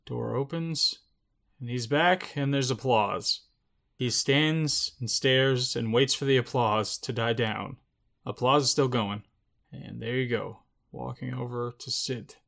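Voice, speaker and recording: A man's voice: medium pitch, takes it slowly, creaky, a bit bright. A young man giving jittery live commentary as he watches and reacts to a film, muttering one moment and exclaiming the next.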